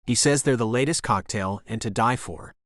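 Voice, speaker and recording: A man voicing a playful young woman in a romance audiobook, gently teasing yet holding firm, her lines read in a medium-pitched voice. The sound is dry and close, with no room around it. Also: normal speed, dry recording, natural voice.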